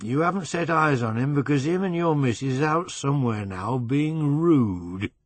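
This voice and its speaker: A man voicing Potter, a fat, drunk middle-aged man with a West Riding Yorkshire accent who talks in a loud, blunt, boozy way. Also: mid-range voice, expressive, moderate pace, dry recording, pitched above the performer's own voice, lightly acted. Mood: blunt drunken.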